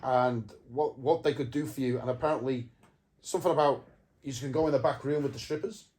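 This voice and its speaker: A man's voice: medium pitch, a little fast, darkish tone. A man from Australia hosting an interview, blunt and crude, joking and swearing a lot. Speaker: interview host, former heavy. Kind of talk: casual interview chat.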